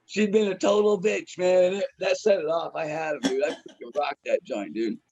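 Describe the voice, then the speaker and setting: A slightly high, husky male voice tells a rowdy road story, peppered with "dude" and swearing. The audio is dull and lo-fi, like a cheap podcast mic. He laughs through his own punchlines. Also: steady tone, moderate pace, a little mellow. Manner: profane, laughing, slangy ("dude", "man"). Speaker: stand-up comedian, guest. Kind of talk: casual storytelling.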